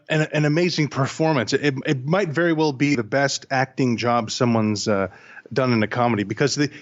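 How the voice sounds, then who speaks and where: Fields: Sex: man. Role: podcast co-host. Style: casual film review chat. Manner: enthusiastic, stumbling restarts. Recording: dull, lo-fi. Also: on the high side. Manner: enthusiastic, repeats words as he thinks.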